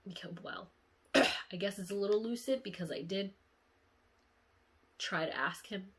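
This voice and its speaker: Slow-talking teary woman vlogger. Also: mid-range voice, fairly bright tone. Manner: emotional, sighing, candid and profane. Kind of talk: casual dream-diary vlog.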